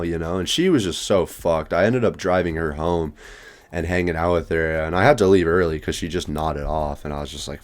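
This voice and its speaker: A young man telling a personal story to his vlog audience in a casual, slangy, profane way, full of asides and quick jokes. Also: low-pitched.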